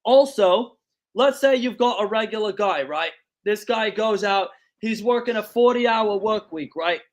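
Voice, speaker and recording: A man hosting a podcast, telling stories in an animated, profane way. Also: high-pitched, unhurried. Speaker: podcast host. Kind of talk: casual storytelling chat.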